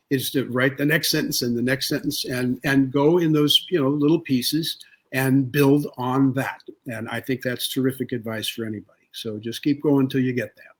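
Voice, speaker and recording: A man in a relaxed interview speaks slowly and thoughtfully, pausing often with "uh" as he tells a story. His voice sits at an ordinary middle pitch. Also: breathy edge. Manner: unhurried, thoughtful, many "uh" pauses. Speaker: guest author.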